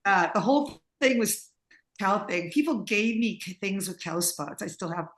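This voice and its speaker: A woman's voice: mid-range voice, lively intonation, normal speed, fairly bright tone. A woman interviewee telling rambling stories in casual chat, laughing often, over a video call. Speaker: interviewee, singer and composer.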